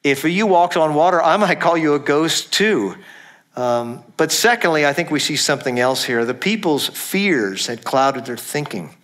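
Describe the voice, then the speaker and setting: A man's voice: on the high side, animated, normal speed, a bit bright. A middle-aged male pastor preaching a sermon in a conversational way, laughing now and then and correcting himself as he reads scripture aloud.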